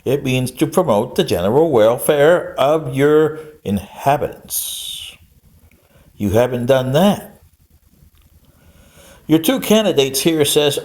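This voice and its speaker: A man's voice: medium pitch, lively intonation, a little slow, a little mellow. An older man giving a rambling, scolding lecture-style monologue straight to the camera. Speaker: vlogger.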